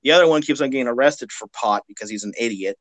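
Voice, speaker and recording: A man's voice: mid-range voice, fast, dry recording. A man from Kentucky with a Southern accent, talking bluntly and with lots of swearing in a casual live-stream chat, often repeating words as he goes. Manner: blunt, profane, laughs loudly, stammers with repeated words.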